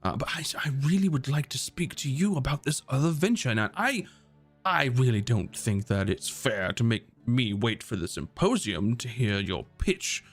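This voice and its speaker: A man playing a smooth genteel trader. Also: medium pitch, lively intonation, moderate pace, soft background music. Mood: smarmy, persuasive. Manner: genteel, pushy politeness.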